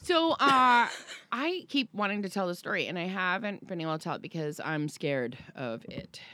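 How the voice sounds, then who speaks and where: A woman's voice: fairly low pitch, normal speed, dry recording. A woman co-hosting a podcast in casual chat, telling stories and acting out quotes. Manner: storytelling, animated quoting. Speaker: podcast co-host.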